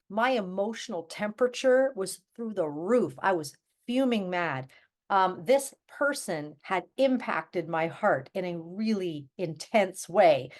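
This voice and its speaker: A middle-aged woman coaching her listeners through her own podcast. She speaks in an earnest, candid, conversational way, full of fillers and quick restarts, at an ordinary middle pitch. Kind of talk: solo podcast talk.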